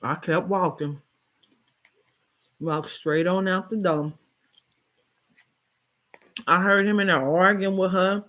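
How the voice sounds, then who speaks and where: A woman reading a short story aloud, then telling a personal story in a chatty, expressive way with colloquial asides. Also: fairly low pitch, slow, pauses often.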